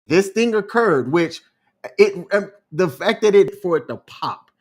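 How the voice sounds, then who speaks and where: A man co-hosting a podcast, telling a story in a calm, measured, unhurried way. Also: sits high, husky. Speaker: podcast co-host. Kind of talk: casual storytelling chat.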